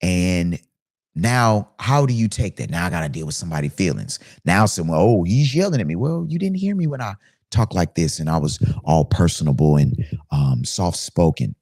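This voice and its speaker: A man's voice: low voice, lively intonation, normal speed, a little mellow, no echo, clean studio sound. A man who works as a DJ, talking casually to camera in a ranting monologue full of rhetorical questions.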